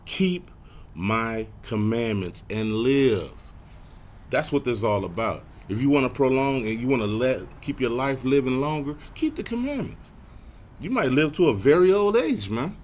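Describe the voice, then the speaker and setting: A man teaching a Bible lesson in a casual way. He reads verses slowly and clearly, then comments in loose everyday speech full of "man" and "y'all". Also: mid-range voice, very animated, a little mellow, a little hiss or hum.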